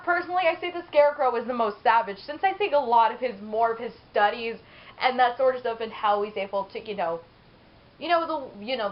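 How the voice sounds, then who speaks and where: A woman's voice: a little high, dull audio. A woman giving casual, rambling gameplay commentary, chatty and laughing often.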